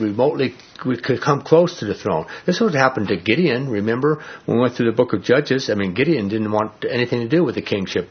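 A man's voice: mid-range voice, slightly rough. A man teaching a Bible lesson as a pastor, conversational and folksy, often checking in with "all right?" on a muffled recording.

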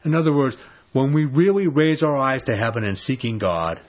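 A man preaching a sermon, telling a story with animated energy and laughing as he gets excited. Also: medium pitch, normal speed. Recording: dull lo-fi recording.

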